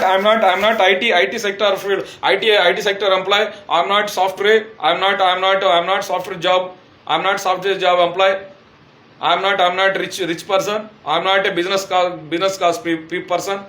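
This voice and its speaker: A man's voice: high voice, a bit bright, reverberant. A man from India with an Indian English accent, giving an urgent, pleading personal testimonial that circles back and repeats itself. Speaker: testimonial speaker.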